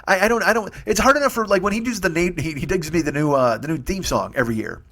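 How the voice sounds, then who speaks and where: Fast-talking, profane man ranting solo. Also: high-pitched, a bit bright. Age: 40s. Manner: profane, rambling rant. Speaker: podcast host. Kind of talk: solo comedy monologue. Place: home studio. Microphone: studio mic with earbuds.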